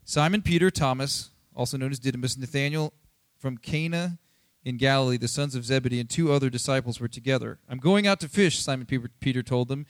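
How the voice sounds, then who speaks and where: A pastor giving a casual, conversational sermon, chatty and animated, acting out Bible scenes in quick asides. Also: male voice, medium pitch, dry recording, studio quality. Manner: chatty, animated, acts out Bible quotes, many fillers.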